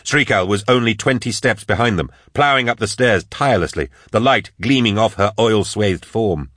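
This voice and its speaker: A man reading an action audiobook in a steady, dramatic scripted narration. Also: fairly low pitch, normal speed, no echo, studio quality.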